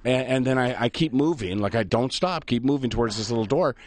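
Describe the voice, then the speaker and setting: A middle-aged man, a radio host telling a funny travel story in a lively, self-mocking way. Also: medium pitch, brisk. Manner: animated, self-mocking storyteller who laughs at his own tale. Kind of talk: casual on-air storytelling.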